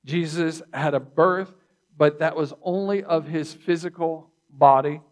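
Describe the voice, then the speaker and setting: A man preaching a sermon, teaching slowly and deliberately, repeating key phrases and clearing his throat between points. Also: a little high. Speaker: pastor.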